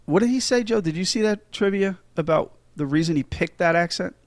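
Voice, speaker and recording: A man's voice: high-pitched, expressive, fairly quick, no echo. A middle-aged man hosting a casual movie podcast, chatty and enthusiastic, with many fillers and restarts. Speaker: podcast host.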